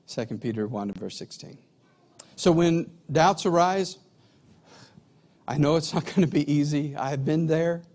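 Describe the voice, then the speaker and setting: Animated man preaching a sermon. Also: a little high, unhurried, long pauses. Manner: animated storyteller, acts out dialogue.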